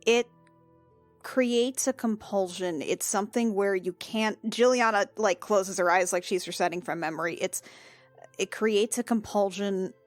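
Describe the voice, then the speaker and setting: Woman player, slow delivery, dry close sound. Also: medium pitch, no room sound, faint music behind. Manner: animated, rambling. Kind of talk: casual chat during a tabletop game.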